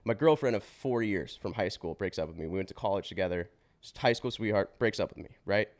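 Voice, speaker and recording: A man in his twenties, a podcast guest, telling his life story in a casual, slangy way with swearing and quick restarts. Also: fairly low pitch. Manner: slangy and swearing, says bro and dude; fast run-on telling with restarts.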